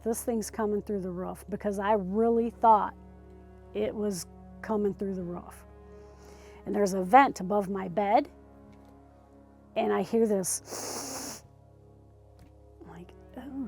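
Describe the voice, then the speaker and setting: Woman telling a tense story, hushed. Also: mid-range voice, rough recording. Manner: drops to a hushed near-whisper when reliving tense moments; conversational, with fillers and restarts. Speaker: eyewitness recounting an encounter. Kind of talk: casual spoken storytelling.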